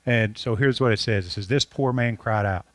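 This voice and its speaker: A man preaching a sermon to his congregation, earnest and repetitive, slowing down to stress key lines. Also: on the low side, no echo. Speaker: pastor.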